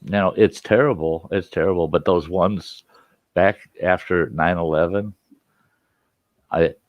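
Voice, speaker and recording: A man telling a funny story in casual chat, animated, laughing often and swearing freely. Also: deep voice, a little slow, no room sound, lo-fi sound.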